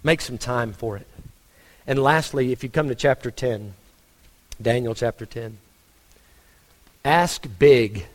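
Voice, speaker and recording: A man's voice: medium pitch, slow, long pauses, long reverb tail. A man with a Texan accent preaching a sermon as a pastor, conversational, with frequent restarts and rhetorical questions. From Texas.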